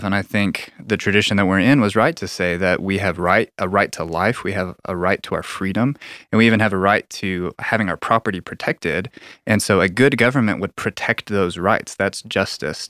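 A man's voice: low-pitched, fairly bright tone, dry recording, clean studio sound. A man earnestly explaining theology in a conversational discussion, often restarting his sentences.

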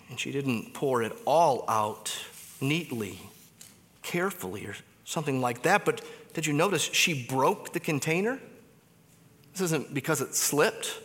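Bright-voiced preacher in an echoing hall. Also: male voice. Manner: dramatic swings between loud emphasis and hushed low phrases. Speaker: pastor. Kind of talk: sermon. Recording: long hall reverb.

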